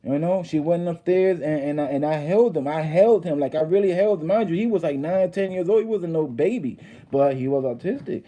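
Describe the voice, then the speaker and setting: A man's voice: a little high, a little fast, dark tone. A man in his thirties hosting a casual livestream, telling stories and reading viewer comments, rambling with frequent restarts and fillers. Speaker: livestream host.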